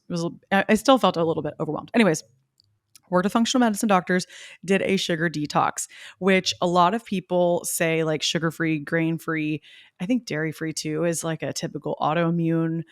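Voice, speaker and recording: A woman's voice: fairly low pitch, no room sound, clean studio sound. A young woman from Tennessee hosting a solo podcast, telling a personal story in a chatty, confessional way full of "like"s. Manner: chatty and confessional, many "like"s, quoting herself and others. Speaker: podcast host.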